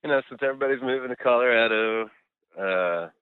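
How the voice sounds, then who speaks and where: A middle-aged musician guest chats in a casual interview over a call, laid-back and rambling, full of fillers and the odd swear word. His medium-pitched voice is brisk and smooth. The remote line sounds tinny and phone-like, dry with no room sound.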